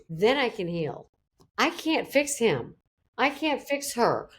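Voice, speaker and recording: A woman's voice: medium pitch, very animated, slow pace. A middle-aged woman, a psychologist, talking as a guest on a podcast and acting out quoted voices with animation. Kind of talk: podcast interview.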